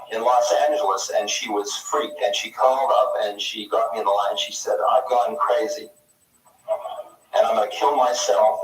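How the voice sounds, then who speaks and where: A man giving a live spiritual talk in a conference hall, animated and playful, swinging between loud bursts and soft whispers. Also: fairly low pitch, a little hiss or hum. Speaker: spiritual teacher. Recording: echoey hall, mic far off.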